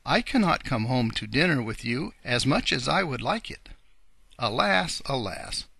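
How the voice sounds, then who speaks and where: A man voicing kindly old Mother Goose, who speaks gently and matter-of-factly. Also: mid-range voice, very animated, unhurried, gravelly, husky, no room sound, pitched above the performer's own voice, full character voice. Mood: regretful. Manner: gentle, matter-of-fact storyteller's tone.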